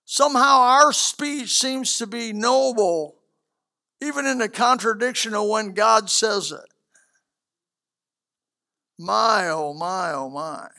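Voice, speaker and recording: A male preacher giving a sermon to a congregation, swinging from loud declarations to hushed asides. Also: sits high, slow, long pauses. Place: church hall with a congregation.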